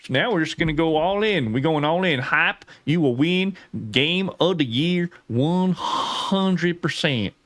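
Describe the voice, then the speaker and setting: A man's voice: fairly high pitch, animated, a little slow, hardly any pauses, fairly bright tone, no echo, pitched above the performer's own voice. Man doing a hammed-up Southern redneck drawl, brash backwoods guy, folksy and hollering, voice pushed up a notch above his normal. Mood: hammy. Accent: exaggerated rural Southern US put-on. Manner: folksy, hollering, calls everyone "boy".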